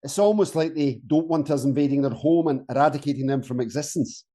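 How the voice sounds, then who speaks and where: A man's voice: a little high, quick pace, dark tone, lightly acted. A man playing a sardonic rebel soldier. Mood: sarcastic. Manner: sardonic, dry. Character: sarcastic rebellious male soldier. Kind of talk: audio comedy acting.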